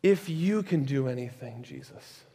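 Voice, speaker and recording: A male pastor preaching a sermon in a conversational, animated way, with chatty asides. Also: mid-range voice, measured pace, slightly rough. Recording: echoey hall with long reverb.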